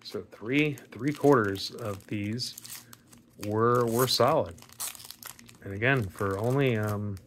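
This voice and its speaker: A man with a rather low, raspy voice talks through opening card packs. He rambles casually with lots of fillers and some mild swearing. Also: slow, a little hiss or hum. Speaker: card pack opening vlogger. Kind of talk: casual pack opening commentary.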